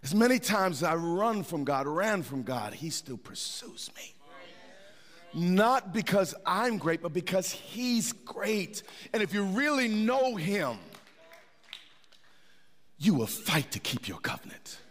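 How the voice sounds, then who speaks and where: A man's voice: high-pitched, very animated, slow, fairly bright tone. A middle-aged man preaching a sermon in a church, conversational, with repeated words and restarts. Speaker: pastor. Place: church sanctuary. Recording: long hall reverb.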